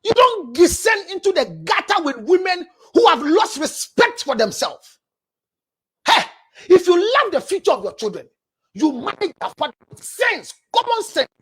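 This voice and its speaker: A woman with a Ghanaian accent, a counselor preaching relationship advice, forceful and scolding, often raising her voice. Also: extremely high pitch, big pitch swings, moderate pace.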